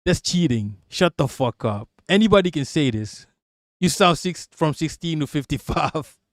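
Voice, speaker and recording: A man's voice: fairly high pitch, lively intonation, moderate pace, no room sound, studio quality. A man from Malaysia with an American English accent, streaming and reacting to chat in a blunt, profane, rambling way. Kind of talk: livestream commentary, reading chat.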